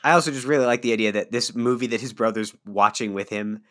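A man's voice: medium pitch, fast, fairly bright tone. A man co-hosting a podcast in casual chat, joking and laughing often. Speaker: podcast co-host.

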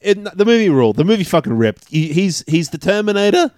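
A man's voice: high voice, big pitch swings, fairly quick, a little mellow, no room sound, studio quality. A man co-hosting a film podcast in casual chat, enthusiastic and easygoing. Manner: enthusiastic, easygoing, backchannels a lot. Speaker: podcast co-host.

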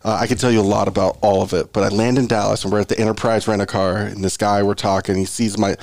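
A man's voice: on the low side, fast talker, creaky, no echo. A man on a sports podcast, telling a travel story in casual chat and acting out both sides of the conversation. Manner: animated storyteller, acts out dialogue. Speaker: podcast regular.

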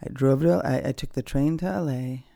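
Gravelly, candid woman musing on her podcast. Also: rumbling low, moderate pace, mellow, no room sound. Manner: candid, rambling, with frequent fillers and restarts. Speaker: podcast host. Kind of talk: personal reflective monologue. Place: at home, dogs nearby.

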